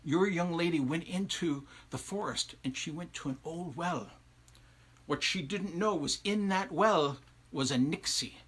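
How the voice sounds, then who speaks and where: A storyteller putting on a shrewd old village wise woman with the second sight, unflappable and commanding, who always knows more than she lets on. Her voice is pitched fairly high, with a husky edge and a bright, forceful ring. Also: measured pace. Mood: reassuring.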